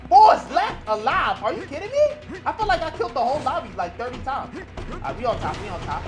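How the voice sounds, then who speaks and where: A man's voice: extremely high pitch, big pitch swings, fast, music in the background. A young man hosting a gaming video, giving hyped, slangy gameplay commentary and repeating catchphrases in bursts.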